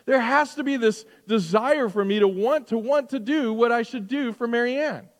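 A middle-aged man with a high voice preaches in a casual, conversational way. He throws out rhetorical questions and swings from loud emphasis to soft, hushed lines. His voice carries a long reverb, as in a large church. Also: normal speed. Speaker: pastor. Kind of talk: sermon.

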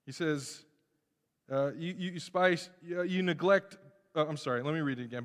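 A man preaching a sermon as a pastor in a lively, joking way, often restarting his phrases. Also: a little high, moderate pace. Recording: long hall reverb.

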